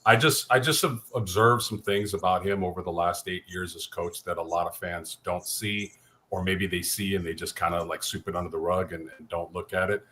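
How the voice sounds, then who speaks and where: A man's voice: low-pitched, steady tone, brisk, bright, forceful tone. A man speaking as a podcast guest on a headset mic, blunt and opinionated. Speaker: guest sponsor and fan. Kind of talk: casual podcast talk.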